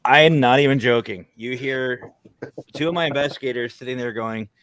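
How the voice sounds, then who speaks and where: A man's voice: medium pitch, a little fast, dry recording. A man telling a comic paranormal investigation story in a casual chat, laughing along. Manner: animated, laughing anecdotes.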